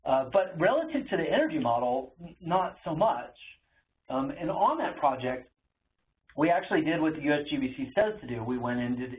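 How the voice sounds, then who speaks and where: A man giving an educational webinar presentation in a conversational way, with frequent ums and uhs. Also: mid-range voice. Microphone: webinar call audio. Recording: tinny phone-like webinar audio with faint noise.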